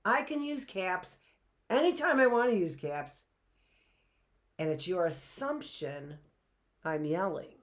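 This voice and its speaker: A woman's voice: on the low side, expressive, takes it slowly, pauses often. A middle-aged woman teaching a live online class in a chatty way, often checking in with "right?" and rhetorical questions.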